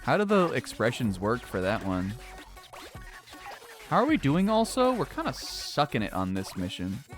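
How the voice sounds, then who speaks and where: A man's voice: mid-range voice, huge pitch swings, normal speed. A man streaming a video game in a casual, rambling way, swearing often and laughing a lot. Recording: faint game music behind.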